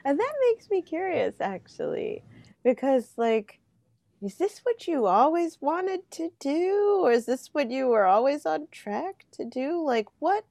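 A woman's voice: a little high, a little mellow, no echo, clean studio sound. A woman host in a casual interview, effusive and gushing, with her voice swooping up and down. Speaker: podcast host.

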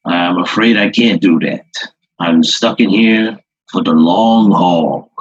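A man voicing a sad, slow-talking man's soul trapped inside a coffee mug. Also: sits low, no room sound, highs cut off. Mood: weary. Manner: slow, hesitant, regretful.

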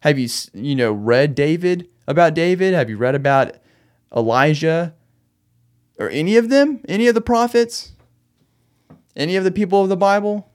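A man's voice: a little high, animated, moderate pace, long pauses. Wound-up man venting late at night. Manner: rambling, restless, laughs while angry. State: agitated, wound up. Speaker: podcast host. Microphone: podcast microphone.

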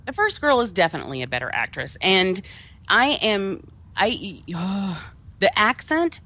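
A woman co-hosting a podcast, chatting casually about a horror movie in an animated, wry way. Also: medium pitch, unhurried, dull audio. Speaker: podcast co-host. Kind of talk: casual movie review chat.

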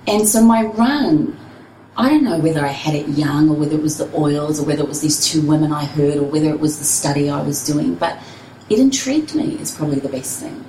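A woman's voice: deep voice, lively intonation, fairly quick, mellow, reverberant, far from the mic, slight background noise, rough recording. A woman, a personal trainer and runner, telling her story candidly and expressively in an interview.

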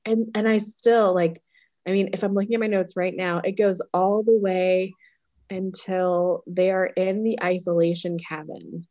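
A woman's voice: on the low side, flat delivery, unhurried, mellow, lo-fi sound. Chatty woman podcast co-host. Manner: chatty, laughs often, acts out her reactions. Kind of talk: casual chat.

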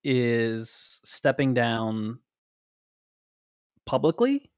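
Podcast co-host: man, mid pitch, chatty theorizer with long explanations, dry close mic. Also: lively intonation, extremely slow, clean tone, no room sound. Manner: speculative, talks in long run-on explanations. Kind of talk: casual chat.

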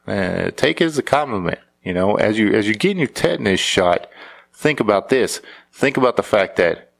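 A man's voice: fairly low pitch, creaky. A married man riffing in a casual, sarcastic, rambling monologue, often restarting his sentences. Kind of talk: casual comedic commentary.

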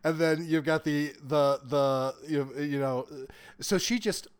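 A man in his forties, an author talking as a guest in a casual interview, animated and quick to laugh. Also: fairly high pitch, clear, resonant tone. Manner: animated storyteller, bursts of laughter.

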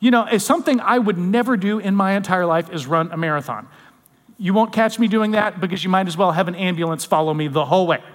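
A man preaching a conversational sermon, often dropping to soft, intimate tones. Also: high voice, fast, in a large hall. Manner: conversational, drops to soft intimate tones when quoting comfort. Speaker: pastor.

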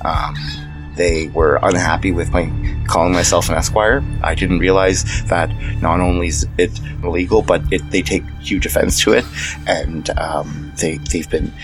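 A man co-hosting a comedy podcast, joking around and dropping into low mock voices. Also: steady tone, moderate pace, over music. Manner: jokey, playful, drops into low mock voices. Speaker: podcast co-host.

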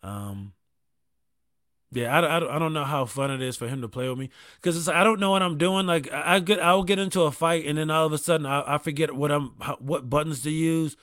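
A man telling casual comedic stories about gaming with his kid, profane and animated, with quick asides. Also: fairly high pitch, no room sound, clean studio sound.

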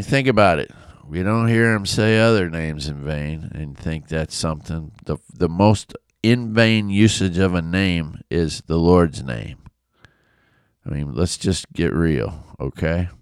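A man from Illinois teaches the Bible in a relaxed, conversational way, slipping into lively storytelling with asides. His voice is very low, smooth and resonant, and he speaks slowly. It is recorded close up in a dry room. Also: no room sound. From Illinois, USA. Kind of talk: casual Bible study talk.

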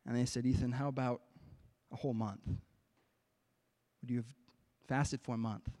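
A male pastor preaching a sermon, telling a personal story with strong emotion, swinging between hushed pleading and loud, intense passages. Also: mid-range voice, little pitch movement, normal speed.

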